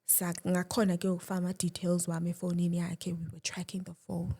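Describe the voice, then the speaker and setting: Husky young woman, emotional story, goes loud then hushed. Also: fairly low pitch, monotone, fast. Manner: shifts between loud and hushed, restarts. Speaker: guest.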